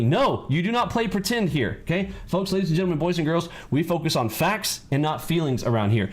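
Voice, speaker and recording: A man coaching day traders in a live lesson, emphatic and preachy, driving points home with repeated "okay?" and "you got it?", his voice swinging from low to high. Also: lively intonation, a little fast, hardly any pauses. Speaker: trading coach. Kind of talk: livestream trading lesson.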